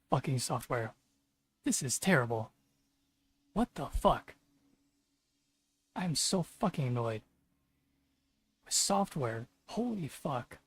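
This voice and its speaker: A man livestreams his coding session and vents in a husky, mid-pitched voice. His commentary comes as frustrated rants, heavy with swearing. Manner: frustrated, profane ranting. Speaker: streamer programmer. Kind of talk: live coding stream commentary.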